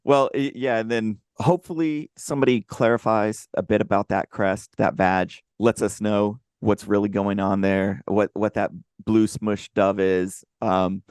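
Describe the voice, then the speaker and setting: A man hosting a casual podcast, playful and quick to laugh, often repeating words as he talks into a close microphone. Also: fairly low pitch, fairly even intonation, a little mellow, clear, resonant tone, no echo. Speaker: podcast host.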